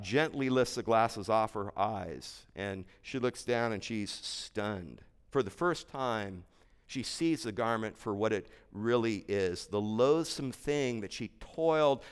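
A man preaching a sermon, telling a story in slow, emphatic phrases with dramatic pauses. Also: medium pitch, smooth.

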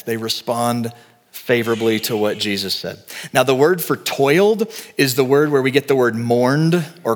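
A man's voice: medium pitch, fairly bright tone, long reverb tail. A man preaching a sermon, telling a story with animation and acting out the voices he quotes. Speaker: pastor.

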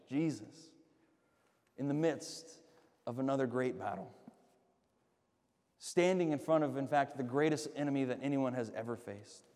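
A male pastor preaching an earnest sermon, swinging between loud emphatic lines and hushed, slow drops. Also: mid-range voice, in a large hall.

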